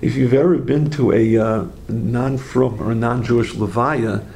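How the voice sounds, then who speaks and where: A man teaching a religious class, an animated storyteller who asks rhetorical questions, makes asides to his listeners, and often corrects himself mid-phrase. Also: mid-range voice, moderate pace, creaky, a little hiss or hum. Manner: frequent self-corrections and trailing phrases. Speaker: Torah teacher.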